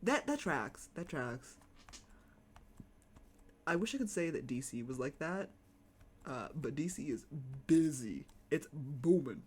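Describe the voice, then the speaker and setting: A relaxed streamer talks with chat while playing, slangy and musing. The voice is a little husky, and the pitch rises and falls freely as thoughts are turned over aloud. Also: slow, long pauses. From United States. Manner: laid-back, chats with viewers, slangy and musing. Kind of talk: casual live-stream chat while gaming.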